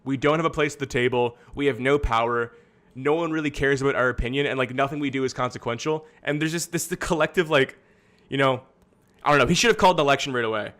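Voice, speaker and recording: A man's voice: medium pitch, fast talker, fairly bright tone. A man hosting a livestream from his studio, talking in a rambling, exasperated way with plenty of swearing. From Canada. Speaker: streamer host. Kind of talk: casual livestream commentary.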